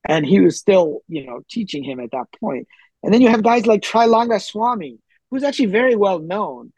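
A man being interviewed, telling stories in a chatty, animated way with lots of fillers and restarts and the odd chuckle. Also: sits high, normal speed, husky, no echo, poor audio. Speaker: interview guest. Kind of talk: casual storytelling in conversation.

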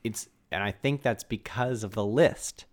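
A man co-hosting a casual chat, musing and relaxed, with lots of filler words. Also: lowish voice, measured pace. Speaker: podcast co-host.

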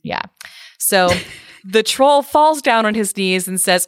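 A woman's voice: medium pitch, expressive, slow pace, clean tone, no room sound, studio quality. A woman co-hosting a casual chat, reading a storybook parody aloud with wry amusement and frequent laughter. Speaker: podcast co-host reading a story.

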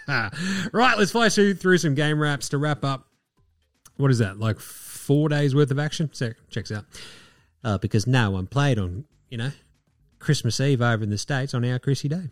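A man's voice: mid-range voice, unhurried, long pauses, no room sound, studio quality. An Australian man hosting a podcast, talking in a laid-back, jokey way with plenty of swearing. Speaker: podcast host. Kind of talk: casual chat.

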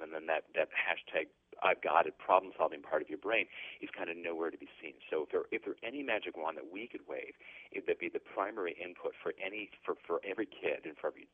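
Deep-voiced man on a tinny phone line. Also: dry recording. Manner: earnest, explanatory, many restarts. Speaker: guest author. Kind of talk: casual interview on a phone line.

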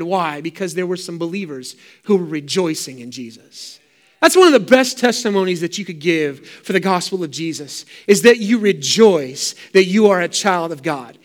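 A middle-aged male pastor delivering a sermon with fervent, emphatic repetition. His voice sits notably high for a man.

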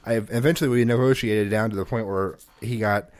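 A man's voice: fairly low pitch, fairly even intonation, fairly quick, a little mellow. A man in his thirties in casual chat, telling a rambling family story and acting out the lines of his small child. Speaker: podcast co-host.

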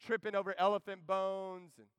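A man in his thirties preaching a joking, animated sermon that calls out to the crowd. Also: sits high, moderate pace, clear, resonant tone, no echo. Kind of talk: energetic camp sermon.

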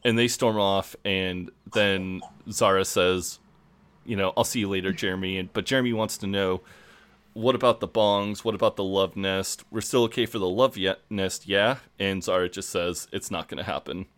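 Low-voiced man, podcast co-host. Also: steady tone, normal speed, fairly bright tone, clear, resonant tone, no echo. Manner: laughing, swearing storyteller who acts out quotes. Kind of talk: casual chat recapping a TV episode.

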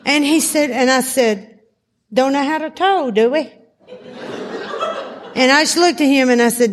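A woman speaker at a recovery workshop, telling a long story with lively laughter. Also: sits high, measured pace, long pauses. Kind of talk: storytelling talk to a live audience. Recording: hall reverb, faint noise.

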